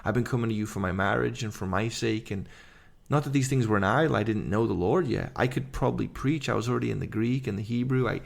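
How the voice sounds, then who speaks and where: A man with a gravelly voice giving an earnest personal testimony, talking quickly in long run-on sentences. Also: medium pitch. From England. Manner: earnest, rapid run-on storytelling. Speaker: guest, urban missionary.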